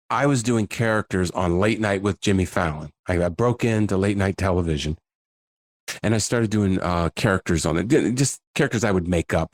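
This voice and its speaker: A middle-aged male comedian telling a story with a low voice that swings widely up and down. He is self-deprecating and keeps slipping into little voices. The recording is dry and close. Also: no room sound. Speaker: comedian and impersonator guest. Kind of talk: animated storytelling in a podcast interview.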